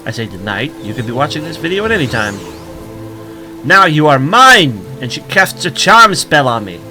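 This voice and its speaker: A man's voice: medium pitch, big pitch swings, fast talker, pushed and bright, soft background music. A tired man hosting a video game let's play, making joking asides.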